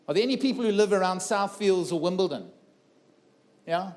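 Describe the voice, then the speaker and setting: High-voiced man telling his story. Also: animated, fairly quick, pauses often, darkish tone. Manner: earnest, repeats phrases for emphasis, asks the audience questions. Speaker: keynote speaker. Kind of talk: personal story told to a live audience. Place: conference room before a live audience.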